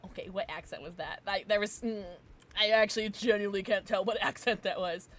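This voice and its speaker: A woman's voice: mid-range voice, a little fast, slight background noise. A young woman streaming a game, chatting casually and giggling often as she reacts to play. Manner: giggly, excitable, talks to herself while playing. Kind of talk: casual gameplay chat.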